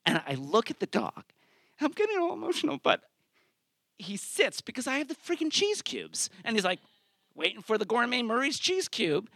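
Man, story slam host, comic storytelling, high voice, lively swoops. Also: normal speed, gravelly, dry recording, clean studio sound. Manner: animated, acts out quotes with big voice swings. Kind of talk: comic personal storytelling on stage. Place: theater stage.

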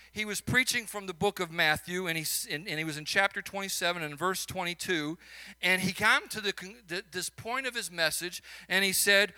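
A man with a Chicago accent preaches in a high, sharply bright voice. He tells stories from the pulpit and drives his points home with rising emphasis. Between those peaks he slips into easy, folksy asides. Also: smooth. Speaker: minister. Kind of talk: sermon.

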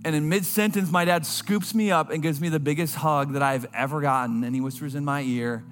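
A man preaching a sermon, telling a personal story in an earnest voice that drops low and quiet at tender moments. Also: steady tone, a little fast, few pauses, in a large hall, soft background music.

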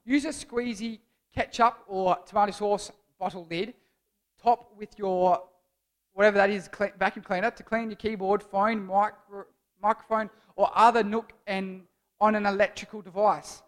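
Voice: medium pitch, steady tone, moderate pace. A young adult giving a casual, jokey youth sermon as a church speaker, rambling and playful.

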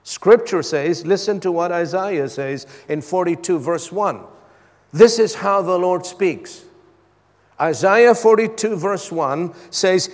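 A man's voice: sits high, lively intonation, slow pace. A man preaching a sermon as a pastor, asking his congregation for responses between points. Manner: preaching with call-and-response asides. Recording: long hall reverb.

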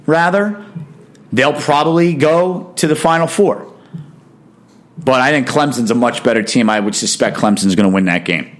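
A man's voice: on the high side, fairly bright tone. A man hosting a casual sports talk show, giving emphatic, opinionated commentary in a chatty monologue.

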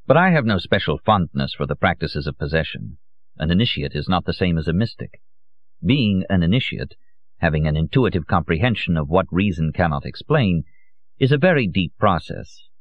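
Calm worldly mentor read by a man, soft and measured, deep voice, dry muffled audiobook sound. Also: no room sound, heavily acted.

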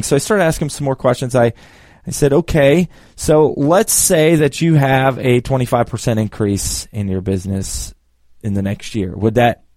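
A man working as a business coach who tells a client story with lively re-enacted dialogue. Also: medium pitch, no echo, studio quality. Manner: animated storyteller, acts out both sides of the dialogue. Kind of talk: storytelling talk.

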